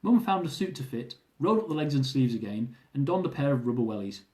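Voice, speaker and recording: Lively man reading his travel memoir. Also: medium pitch, fast talker, echoey room. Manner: lively, amused storytelling with chuckles.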